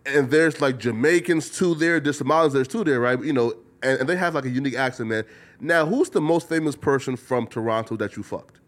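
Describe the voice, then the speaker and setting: A man's voice: medium pitch, fairly quick. A man hosting a casual interview, rambling with lots of filler words. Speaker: podcast host.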